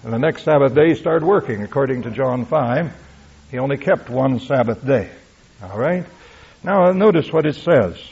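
Gravelly-voiced man preaching a sermon. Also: medium pitch, expressive, normal speed. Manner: emphatic, rhetorical asides like "you see?" and "all right?". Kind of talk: sermon, Bible teaching. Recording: dull lo-fi recording.

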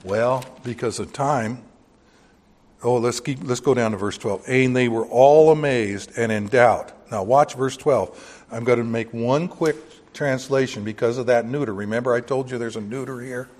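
A man delivers a Bible sermon in church, folksy and joking, punching key words with sudden emphasis. His mid-pitched voice rings out with a long hall reverb. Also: unhurried, a little mellow. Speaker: preacher.

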